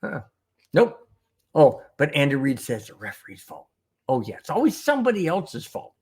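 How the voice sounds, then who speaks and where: A male sports podcast host reads out chat comments and rants about the refs in a heated, sarcastic way. His voice sits somewhat high for a man. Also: sing-song, moderate pace, husky. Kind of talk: casual sports talk, reading chat comments.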